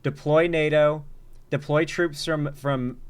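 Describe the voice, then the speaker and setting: A man giving casual, animated commentary while reacting to news clips, urgent and joking by turns. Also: fairly high pitch, slow, smooth.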